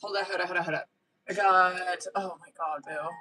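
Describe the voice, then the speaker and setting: Tarot reader going live, bright sharp voice, swears a lot, super slangy and chatty, keeps going "hold on". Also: medium pitch, fairly even intonation, brisk, slight background noise, rough recording. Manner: profane, slangy, chatty, often breaks off with "hold on". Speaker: tarot reader hosting a livestream. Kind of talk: casual livestream chat.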